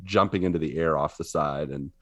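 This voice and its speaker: A man with a very low, deep voice co-hosting a casual podcast chat. He tells his stories with animation and laughs often. The sound is close and dry, with no room around it. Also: fairly quick, fairly bright tone, no room sound. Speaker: podcast co-host.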